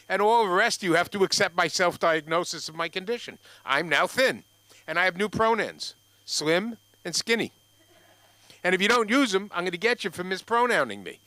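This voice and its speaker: A man's voice: high-pitched, animated, fairly quick, sharp tone. An older man doing open mic stand-up, telling a rambling story with restarts and asides to the crowd. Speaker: stand-up comic. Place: comedy club stage.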